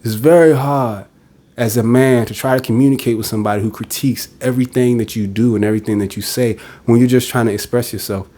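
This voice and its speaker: A man's voice: medium pitch, steady tone, quick pace, warm tone. Blunt, direct man venting on a podcast. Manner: blunt and direct, acts out quoted voices. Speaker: podcast host. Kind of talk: casual monologue.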